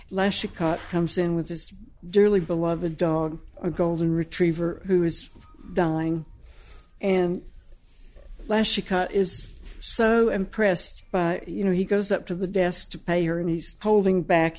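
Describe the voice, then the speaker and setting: A woman speaks in a slightly low voice. She talks as a novelist, eagerly retelling her own story's plot in relaxed, conversational interview talk. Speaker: novelist discussing her book. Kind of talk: conversational book discussion.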